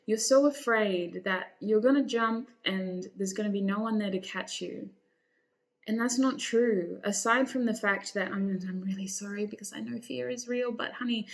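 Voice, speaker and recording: A woman talks straight to her viewers as she reads their tarot cards, reassuring and encouraging them. Her voice sits at a middle pitch for a woman, and she sometimes calls her listeners honey. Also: a little mellow. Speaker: tarot reader. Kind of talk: encouraging tarot reading to camera.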